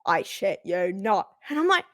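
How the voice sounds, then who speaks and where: A woman's voice: medium pitch, normal speed, no room sound. Australian woman telling stories, dry close sound. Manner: animated storyteller acting out both sides of conversations, swears freely. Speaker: podcast co-host. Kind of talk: casual chat.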